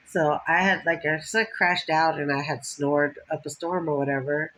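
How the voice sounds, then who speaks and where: A woman's voice: deep voice, fairly even intonation, normal speed, a bit bright, rough recording. A woman telling rambling stories from her life in a casual monologue, swearing and laughing often. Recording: faint background noise.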